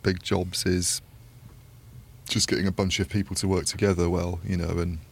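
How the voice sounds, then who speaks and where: A man's voice: low voice, little pitch movement, normal speed, gravelly, slight background noise. A man talking through industry issues in a casual podcast discussion, thoughtful and rambling with many asides. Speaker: podcast panelist.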